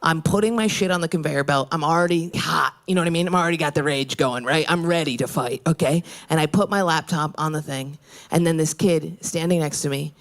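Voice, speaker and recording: A woman in her thirties doing a stand-up set, telling a profane story in a brash way and breaking into yelling rants. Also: deep voice, fairly quick. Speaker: stand-up comedian. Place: comedy club stage. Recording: live club with loud crowd laughter. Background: audience laughing.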